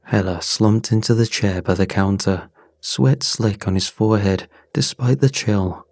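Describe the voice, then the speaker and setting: A man narrating a scripted horror story in a measured, somber way. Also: lowish voice, steady tone, gravelly, darkish tone, dry recording, studio quality.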